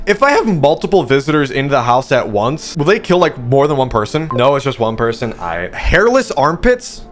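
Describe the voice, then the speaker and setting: A man's voice: medium pitch, big pitch swings, normal speed, few pauses, soft background music. A man giving joking, crude, slang-filled commentary while playing a game. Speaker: streamer. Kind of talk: gameplay commentary.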